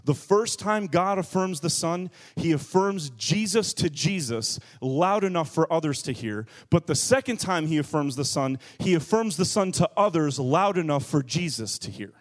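A man preaching a sermon in a lively, joking and emphatic way, leaning hard on key words. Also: a little high, normal speed, few pauses. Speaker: pastor.

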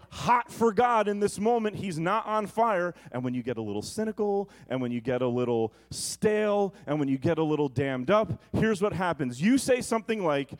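A male pastor preaching a sermon in a conversational way, with comic asides. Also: sits high.

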